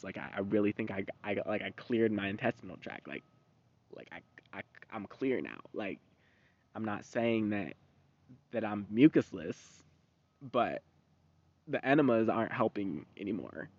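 A young man in his twenties hosting a podcast, talking in a rambling, profane, animated monologue. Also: on the low side, normal speed, long pauses, dry recording. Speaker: podcast host. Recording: dull, dry lo-fi recording.

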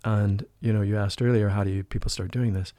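A man talking as a guest in an interview, telling a personal spiritual story in an earnest, emotional way. He often drops into a hushed voice when he quotes people. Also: lowish voice, fairly even intonation, fairly quick, no echo, studio quality. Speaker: podcast guest, spiritual life coach.

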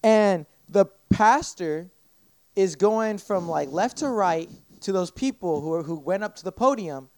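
A man's voice: sits high, a little slow, no room sound. A young man, a podcast guest, telling a long story in casual chat, swearing constantly and acting out what people said. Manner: profane, rambling, animated retelling with acted-out quotes.

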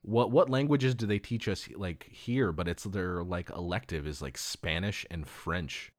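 A man's voice: low voice, a little slow, no echo, clean studio sound. A man from Los Angeles in loose, profane casual chat, rambling and laughing often.

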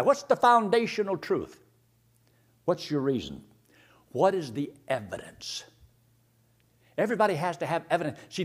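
Male preacher, sermon, fairly high voice, very animated pitch, rhetorical questions, slow scripture reading. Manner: rhetorical questions, dramatic swings from loud to hushed; reads scripture slowly and deliberately.

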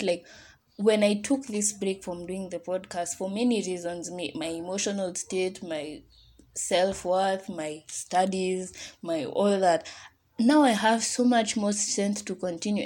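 Young female podcast host, casual and encouraging, soft mellow tone, lots of filler words. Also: medium pitch. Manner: chatty, heartfelt, encouraging, with many "like" fillers. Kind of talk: casual solo podcast talk.

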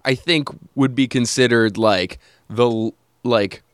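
A man's voice: medium pitch, slow, clean tone, no echo, studio quality. Rambling man hosting a podcast. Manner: rambling, with frequent fillers and laughs. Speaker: podcast host. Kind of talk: casual chat.

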